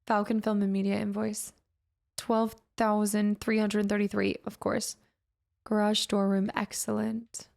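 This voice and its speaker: A woman's voice: medium pitch, monotone, unhurried, creaky, a little mellow. A woman streaming a horror game live, chatting with viewers and reading on-screen text aloud as she plays.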